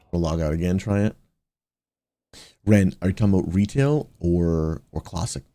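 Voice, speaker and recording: A pastor who streams games talks to his chat in a low, warm voice. He sounds upbeat and casual and drifts easily into preaching. The sound is dry and close. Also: no echo. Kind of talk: casual livestream chat while gaming.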